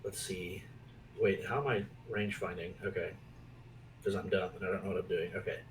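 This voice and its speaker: A man playing a tabletop game who talks in an unhurried, self-deprecating way. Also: low voice, fairly even intonation, roomy sound, recorded from a distance, slight background noise, rough recording. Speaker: player.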